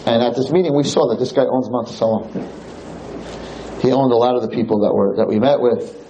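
A man's voice: medium pitch, brisk, highs cut off, a little hiss or hum. A man, a rabbi, telling a story in a lecture and acting out the other people in it. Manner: animated storyteller, acts out quotes.

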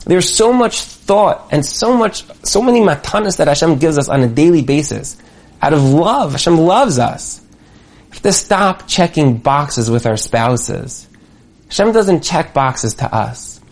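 A man teaching a Torah class in a lively way, often acting out imagined dialogue. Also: fairly high pitch, measured pace. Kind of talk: animated religious class.

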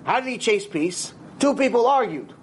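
High-voiced rabbi, animated storyteller. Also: male voice, normal speed, slight background noise. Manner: animated storytelling, acts out dialogue, sprinkles Hebrew words. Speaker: rabbi teaching a Torah class. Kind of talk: lively Torah lecture.

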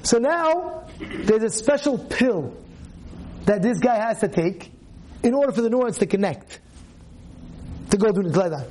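A man, a rabbi, giving a Torah class, animated, firing rhetorical questions and repeating phrases for emphasis. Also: high voice, moderate pace, pauses often.

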